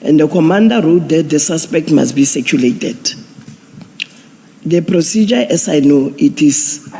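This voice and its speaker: A man, a police general giving formal testimony at an inquiry, measured and procedural with frequent restarts. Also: a little high, creaky, warm tone. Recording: long hall reverb.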